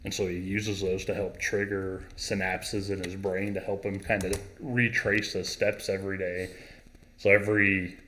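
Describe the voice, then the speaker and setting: A man's voice: low voice, flat delivery, normal speed, fairly bright tone, a little hiss or hum. A man co-hosting a podcast, laid-back, casually explaining a film plot. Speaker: podcast co-host. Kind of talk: casual chat.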